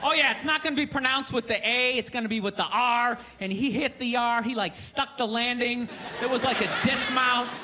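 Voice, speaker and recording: A man doing a stand-up routine on a comedy stage, ranting and incredulous, bursting into shouts. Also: very high-pitched, moderate pace. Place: comedy stage before a live audience.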